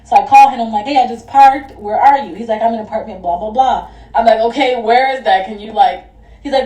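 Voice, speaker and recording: A young woman telling a storytime on her vlog, animated and profane, laughing as she goes. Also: on the high side, quick pace. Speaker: vlogger. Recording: echoey room, distant mic.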